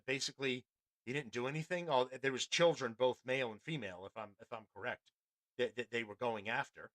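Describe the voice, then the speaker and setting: A man's voice: mid-range voice, a bit bright. Blunt, rambling male podcast host. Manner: rambling, blunt, profane, many restarts. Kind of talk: casual commentary on a news clip.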